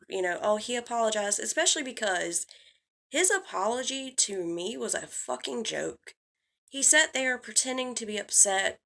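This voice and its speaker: A woman's voice: mid-range voice, gravelly, a bit bright. A woman giving blunt, heated drama commentary, swearing freely as she lays out her views. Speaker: commentary YouTuber.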